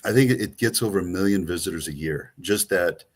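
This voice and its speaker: In a casual travel conversation, a Greek-accented co-host who works as a travel agent speaks fairly quickly in a low voice. His talk wanders, packed with fillers and false starts.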